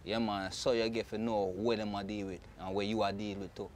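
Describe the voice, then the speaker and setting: A man's voice: on the low side, level tone, fairly quick, a little hiss or hum. A young man with a Jamaican accent, talking casually and loosely in an interview, often repeating "you know what I'm saying". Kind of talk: casual street talk in patois-tinged English.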